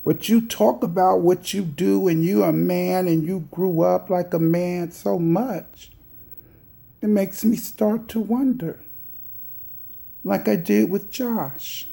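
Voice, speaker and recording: Slow, gravelly woman vlogger. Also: fairly low pitch, mellow. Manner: sassy, scolding, teasing. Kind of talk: calling out another vlogger.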